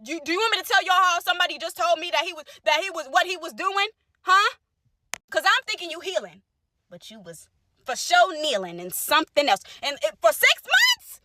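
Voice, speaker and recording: A young woman telling viewers a personal story in casual vlog talk, animated and direct, acting out what others said. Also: fairly quick, noisy background. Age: young adult. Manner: animated, talks straight to viewers, acts out quotes; wide swings in pitch and loudness. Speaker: storyteller vlogger.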